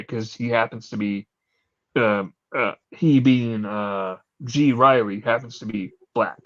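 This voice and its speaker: A podcast host telling a story in casual chat, animated and swearing casually, with plenty of fillers. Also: male voice, mid-range voice, slow pace. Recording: slightly muffled lo-fi recording.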